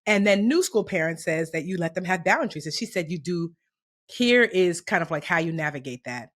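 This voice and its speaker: A woman's voice: on the low side, brisk. A woman co-hosting a podcast, telling stories casually and acting out the voices in them. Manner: expressive storyteller, acts out quoted dialogue. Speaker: podcast co-host. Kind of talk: casual chat.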